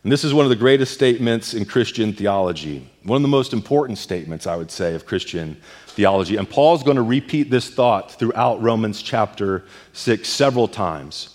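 A man's voice: fairly low pitch, expressive, normal speed, a little mellow. A male pastor preaching a sermon, emphatic and repeating words as he presses a point. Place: church sanctuary. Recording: long church hall reverb.

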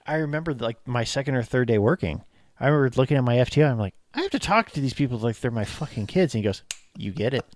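A man's voice: mid-range voice, fast talker, no room sound. A man in his thirties, a police officer co-hosting a podcast, chatting casually and acting out quotes. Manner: animated storyteller, acts out quotes.

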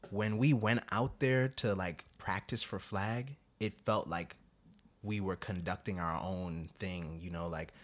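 Low-voiced young man rambling on a podcast. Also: steady tone, a little slow. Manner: rambling storyteller, acts out quotes with sudden high voices. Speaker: podcast host. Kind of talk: casual podcast chat.

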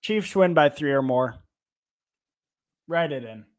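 Playful, teasing male podcast co-host with a slightly high voice; loose, casual betting talk. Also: lively intonation, slow. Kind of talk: casual sports betting chat.

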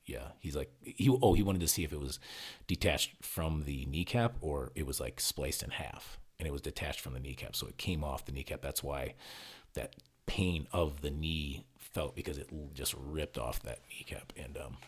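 A man with a very low, gravelly voice tells a story in casual podcast chat. He is husky and rough-edged, and he swears freely while acting out each quote. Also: normal speed. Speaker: podcast co-host telling a story.

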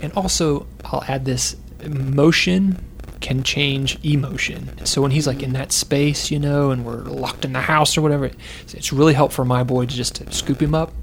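A man's voice: mid-range voice, fairly even intonation, normal speed, gravelly, a little hiss or hum. A man telling a parenting story, acting out quotes and often laughing, in a casual conversation. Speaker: parent sharing advice. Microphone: close to the microphone.

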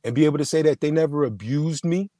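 A man, a podcast guest, telling an emotional personal story in casual conversation, halting and full of slang and restarts. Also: on the high side, dark tone, no echo. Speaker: podcast guest, film producer and screenwriter.

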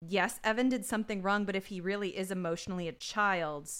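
A woman's voice: medium pitch, steady tone, brisk, fairly bright tone, clean tone. A woman co-hosting a podcast, chatting casually with blunt, emphatic reactions and the odd swear. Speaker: podcast co-host. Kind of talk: casual chat.

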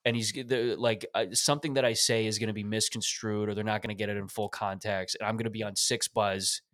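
Profane, joking podcast host. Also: male voice, lowish voice, flat delivery, fast, a bit bright, no echo, studio quality. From Canada. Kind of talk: casual podcast chat.

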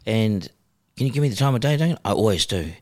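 A middle-aged New Zealand man, a broadcaster, telling stories in a casual, animated way and acting out phone calls. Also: lowish voice, fast talker. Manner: animated, acts out phone calls in character voices. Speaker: broadcaster guest. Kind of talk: casual storytelling.

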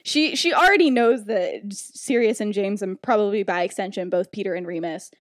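A woman's voice: mid-range voice, fairly quick, no echo, clean studio sound. A woman casually retelling a story on a podcast, giggling often and quoting characters with lots of "like".

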